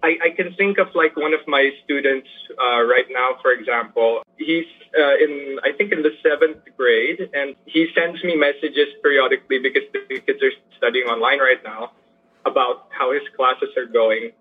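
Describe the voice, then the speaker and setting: A teacher who works with poor youth, speaking earnestly in an interview with frequent restarts and fillers. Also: male voice, mid-range voice, fairly even intonation, normal speed, slightly rough. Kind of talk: interview over a remote line. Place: lives in Manila. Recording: tinny phone-like line.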